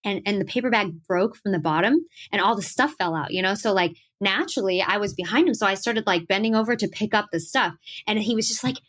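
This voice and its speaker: A young adult woman, a singer-songwriter, telling animated stories in a casual interview, acting out quotes and laughing often. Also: medium pitch, fast talker, hardly any pauses.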